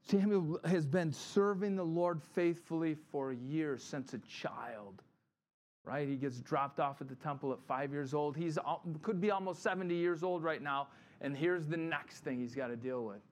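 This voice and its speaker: A man's voice: a little high, moderate pace. A middle-aged man, a pastor, giving a conversational sermon and acting out the people in his stories. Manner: animated storytelling, acts out quotes.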